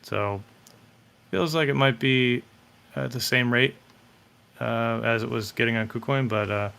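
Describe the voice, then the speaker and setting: Gravelly laid-back man swearing casually. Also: mid-range voice, a little slow, pushed and bright. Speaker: voice chat participant. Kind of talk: casual voice chat.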